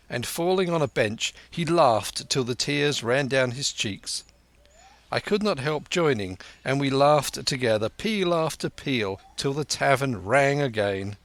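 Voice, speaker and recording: A man reading a classic adventure novel aloud in measured, scripted narration. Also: mid-range voice, animated, a bit bright, no echo. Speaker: audiobook narrator.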